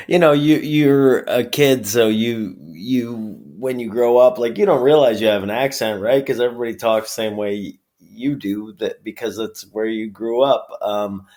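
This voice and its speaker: A man from upstate New York with a New York accent, chatting casually as an interview guest, laughing often and filling pauses with ums. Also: on the low side. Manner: relaxed, laughs often, many fillers. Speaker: guest, pro wrestler.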